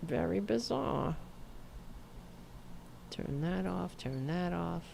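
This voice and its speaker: A middle-aged woman hosting a political commentary stream from her computer, profane and sarcastic. Her voice sits low but swings widely, from sharp jabs to weary asides. Faint noise sits under the desktop mic. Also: takes it slowly, gravelly. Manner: profane, sarcastic, animated ranting. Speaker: host.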